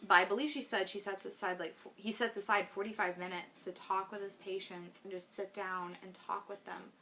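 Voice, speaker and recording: A woman's voice: medium pitch, fairly even intonation, a little fast, sharp tone, slight background noise. A woman talking in a personal video diary, earnest and heartfelt, rambling with lots of fillers. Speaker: vlogger.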